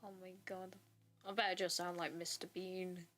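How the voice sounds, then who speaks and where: A woman's voice: lowish voice, level tone, normal speed, a bit bright. A young woman chatting casually as she draws, rambling and trailing off mid-thought. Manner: rambling, self-interrupting, trails off. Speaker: artist streamer. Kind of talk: casual chat while drawing. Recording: faint background music.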